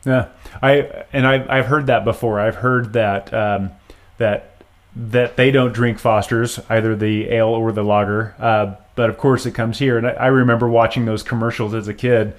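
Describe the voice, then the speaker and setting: A man's voice: mid-range voice, steady tone, normal speed. A middle-aged man hosting an interview, asking friendly, rambling questions with restarts. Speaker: host. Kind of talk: casual interview chat.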